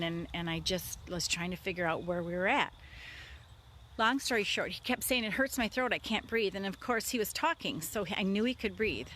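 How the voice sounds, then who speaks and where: A woman's voice: mid-range voice, sharp tone. A middle-aged woman chats in a loose, conversational way, full of ums and restarts. She is recording outdoors in the woods, and a faint hiss of open air sits under her voice. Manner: conversational, many fillers and restarts. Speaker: vlogger talking about leadership. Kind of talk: casual spoken story.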